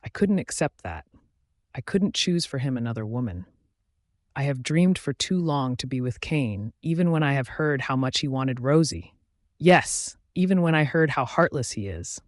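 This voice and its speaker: A man reads a first-person romance audiobook in a steady, expressive way. His voice is at a middle pitch, and the recording is dry and close to the mic. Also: normal speed, dry recording. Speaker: audiobook narrator.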